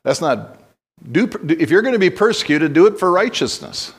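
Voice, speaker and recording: A man delivers a sermon from the pulpit in a voice pitched a bit above most men. He moves from loose, rambling storytelling full of restarts into blunt, direct calls to his listeners. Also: sing-song, normal speed, slightly rough. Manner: conversational storytelling with blunt exhortations and frequent restarts. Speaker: pastor.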